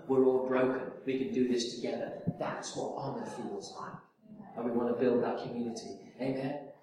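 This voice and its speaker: A man preaching a sermon, telling stories with lively acted-out voices. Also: mid-range voice. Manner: animated storytelling, acts out voices in anecdotes. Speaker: pastor. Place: church hall. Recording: echoey hall from far off.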